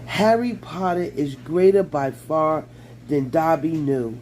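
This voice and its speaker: A man voicing a small, devoted male house-elf with a shrill, squeaky voice. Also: animated, slow pace, a little mellow, slight background noise. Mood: tearful. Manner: shrill, fierce when protecting.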